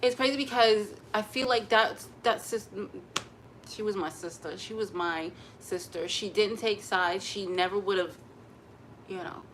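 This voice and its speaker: An expressive woman talking casually to camera from home, her voice sitting at an ordinary middle pitch. She speaks openly and emotionally, chatty and candid. A faint hum of noise sits under her voice. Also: measured pace. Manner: chatty and emotionally expressive, breaks into gospel singing. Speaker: vlogger.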